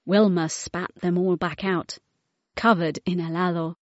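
A woman reading a children's storybook aloud with an expressive manner. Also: lowish voice, measured pace, no room sound, muffled recording.

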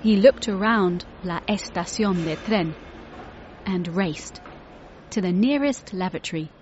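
A woman narrating a children's story in a measured storybook reading, mixing in Spanish words. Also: medium pitch, a little mellow, muffled recording, a little hiss or hum.

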